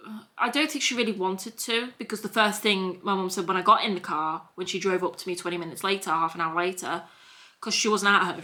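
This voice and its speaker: A woman's voice: fairly low pitch, sharp tone. A young woman with a Scouse accent, telling a story at home in a rambling, repetitive vlog chat. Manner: rambling and repetitive, piling up restarts. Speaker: vlogger. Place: at home, sitting in a hoodie.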